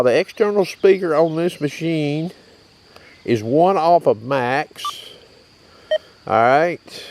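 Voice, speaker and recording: A man, from Tennessee, casually demonstrating gear outdoors in a folksy, drawling way, often checking in with his listeners. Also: fairly high pitch. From Tennessee, USA. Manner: folksy, drawling, keeps checking in with "okay?" and "you hear that?". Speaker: metal detecting channel host. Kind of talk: casual outdoor equipment demo.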